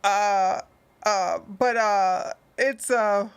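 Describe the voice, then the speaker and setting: A woman's voice: medium pitch, steady tone, extremely slow, clean tone, no room sound. A woman hosting a livestream, talking in a casual rambling way and often laughing. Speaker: livestream news show host.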